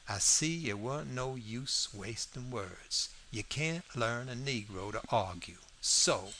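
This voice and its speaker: A man's voice: medium pitch, animated, slow pace, hardly any pauses, pushed and bright. A man reading an audiobook aloud, in a folksy first-person storytelling manner with plain vernacular grammar. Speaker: audiobook narrator. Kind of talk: scripted narration.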